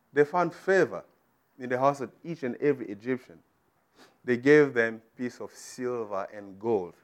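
Man, preacher, sermon, emphatic, middle-aged. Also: mid-range voice. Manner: emphatic, rising to loud declarations.

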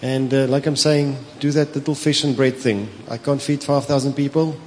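A pastor with a South African accent, preaching a sermon, telling stories with animation, slipping into Afrikaans and laughing often. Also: male voice, mid-range voice, fairly even intonation, normal speed, a little mellow, slight background noise. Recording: long hall reverb with faint ambience.

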